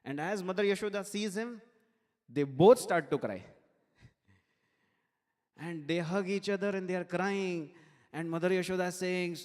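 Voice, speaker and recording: A man preaches at a temple, telling a devotional story with animated energy. His voice sits somewhat high for a man. The long reverb of the hall rings after his phrases. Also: moderate pace, pauses often. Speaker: temple speaker.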